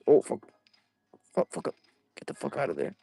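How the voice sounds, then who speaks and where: A young man hosting a casual live-selling stream, profane and excitable as he pitches items while playing a game. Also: normal speed, gravelly, breathy edge, dry recording. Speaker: livestream seller.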